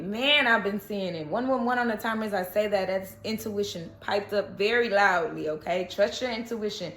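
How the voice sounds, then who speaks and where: A woman giving a casual, animated tarot reading, often checking in with "okay?" and repeating reassurances. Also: mid-range voice. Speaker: tarot reader. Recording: echoey room with faint noise.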